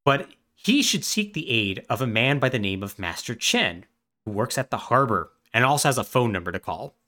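Male podcast co-host, mid-pitched, lively sing-song delivery, chatty and filler-heavy. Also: normal speed. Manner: animated storytelling, lots of "like". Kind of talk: casual podcast chat.

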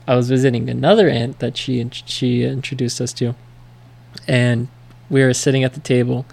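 Gravelly American man telling rambling stories. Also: medium pitch, flat delivery, moderate pace, a little mellow. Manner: rambling storyteller, many fillers. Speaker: podcast co-host. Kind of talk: casual chat.

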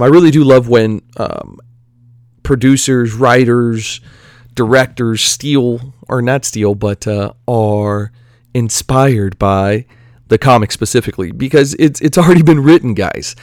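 A man giving casual, rambling commentary on superhero movies, excitable and full of asides and fillers. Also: medium pitch, no echo, studio quality.

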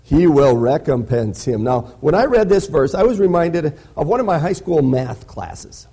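A man's voice: a little high, big pitch swings, moderate pace, dark tone, slightly rough. A man preaching a sermon in a conversational way, often checking in with "right?". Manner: conversational, peppers lines with "right?". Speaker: pastor.

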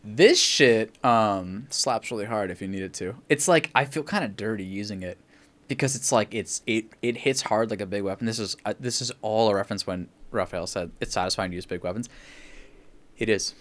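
A man's voice: fairly low pitch, a little fast, fairly bright tone. A man chatting casually about video games, rambling and swearing as he acts out quotes from friends. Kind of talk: casual gaming chat.

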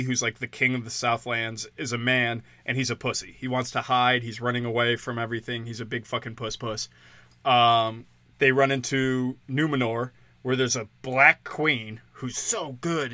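A man's voice: medium pitch, fairly even intonation, normal speed, pushed and bright, no echo. A man ranting on a podcast in a crude, sardonic, profane way, mocking as he goes. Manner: mocking, slips into sarcastic quoted voices. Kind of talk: casual podcast rant.

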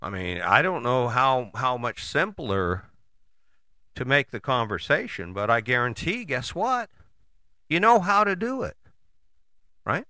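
A man giving a casual motivational talk, conversational and animated, with frequent rhetorical questions and the odd curse word. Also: mid-range voice, measured pace, long pauses, dry recording, studio quality. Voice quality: casual, swears freely. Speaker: motivational host. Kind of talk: motivational monologue.

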